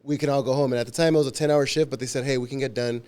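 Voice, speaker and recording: A man's voice: mid-range voice, rapid-fire, clear, resonant tone. A man telling workplace stories on a podcast, swearing freely and acting out the dialogue. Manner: profane, animated anecdotes with quoted dialogue; frequent laughter and restarts. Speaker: podcast guest, union warehouse worker. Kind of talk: casual storytelling chat.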